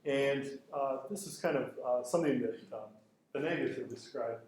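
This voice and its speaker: A middle-aged man giving a conference lecture, telling lively anecdotes and acting out the quoted exchanges. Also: medium pitch, moderate pace. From Canada. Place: lecture hall. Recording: very echoey hall with faint noise.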